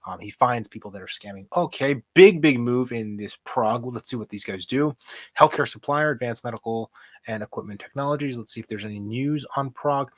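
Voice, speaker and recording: A young man hosts a relaxed livestream about stocks and thinks aloud as he clicks through charts. His voice sits at an ordinary middle pitch. The sound is dry and close, with no room around it. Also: fairly quick, no room sound. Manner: chatty, thinks out loud while reading charts. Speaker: host. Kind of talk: casual livestream stock commentary.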